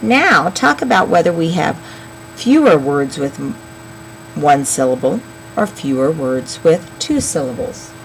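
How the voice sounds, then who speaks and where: A woman teaching young children a phonics lesson, slowly sounding out words and counting syllables. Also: deep voice, big pitch swings, creaky, a little hiss or hum, rough recording. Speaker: elementary school teacher.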